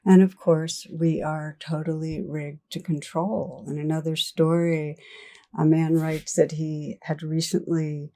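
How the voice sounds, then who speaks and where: Slow, low-voiced older woman teacher. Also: flat delivery. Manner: gentle, reflective, storytelling with soft laughs. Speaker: meditation teacher. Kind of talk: dharma talk.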